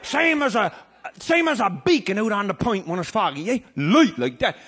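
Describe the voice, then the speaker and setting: A man with a Newfoundland accent telling a comic tall tale to a live audience, shouting and laughing as he goes. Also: high voice, very animated, moderate pace, breathy edge. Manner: rollicking, shouting and laughing through a yarn. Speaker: storyteller.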